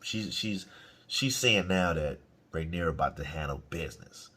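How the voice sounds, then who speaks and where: A man's voice: low-pitched, normal speed, bright, forceful tone, breathy edge. A man giving casual, profane, slang-heavy reaction commentary on a TV episode. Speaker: reaction channel host.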